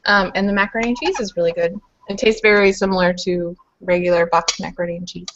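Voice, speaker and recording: A woman's voice: lowish voice, fairly even intonation, fast, a bit bright, a little hiss or hum. Woman, group call guest, chatty and rambling, muffled webcam sound. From Louisville, Kentucky. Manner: chatty, rambling with many fillers. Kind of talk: casual chat.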